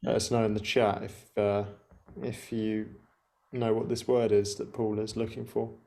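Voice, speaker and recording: A man's voice: on the low side, flat delivery, unhurried, a little mellow. A man co-hosting a reaction show in casual chat, laughing easily and chiming in with short replies.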